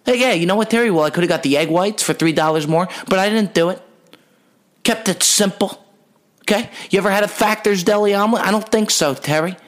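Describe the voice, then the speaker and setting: A man's voice: high-pitched, fairly quick. A young adult man hosting a comedy podcast, telling rambling, profane stories in a brash, joking way. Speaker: podcast host.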